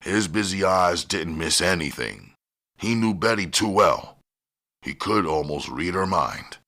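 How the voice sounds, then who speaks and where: Audiobook reader: man, extremely low and gravelly, bright-edged tone, steady delivery. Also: a little slow. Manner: steady, plain reading with gritty dialogue. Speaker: audiobook narrator. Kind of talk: scripted narration.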